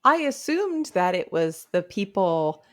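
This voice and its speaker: A woman's voice: lowish voice, sing-song, measured pace. A woman co-hosting a podcast, chatting casually about a book and laughing often. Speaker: podcast co-host. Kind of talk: casual book club chat.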